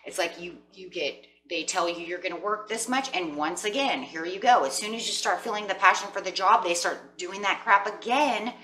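A chatty woman gives a rambling tarot reading, her voice bright and a little low-pitched. She sounds set back from the mic in an echoey room. A faint hum sits behind her. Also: moderate pace, hardly any pauses, far from the mic. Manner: chatty, rambling, addresses viewers as guys. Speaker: tarot reader.

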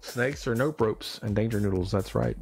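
Gravelly man ranting on a live stream. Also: fairly low pitch, moderate pace, a little mellow, soft background music. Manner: emphatic, fired-up ranting. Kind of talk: casual live-stream talk.

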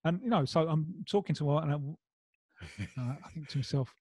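A man's voice: on the high side, lively intonation, moderate pace, darkish tone, breathy edge, dry recording. A man with a Mancunian accent, a guest in a casual football chat, rambling with restarts and wry humour. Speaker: guest pundit. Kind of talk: casual discussion.

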